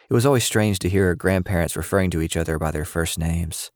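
A man narrating a scripted audio story in a steady, even manner. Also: low-pitched, fast, few pauses, dry recording, studio quality.

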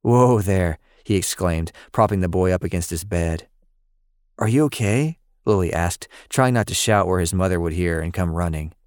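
Deep voiced guy reading a story, steady and measured, dry sound. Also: clear, resonant tone, no echo. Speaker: narrator. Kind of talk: scripted narration.

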